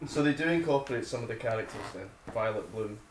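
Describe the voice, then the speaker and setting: A man's voice: medium pitch, lively intonation, fast. A man co-hosting a podcast, throwing in jokey asides during casual chat. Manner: jokey interjections. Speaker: podcast co-host. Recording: echoey, distant from the mic, faint noise.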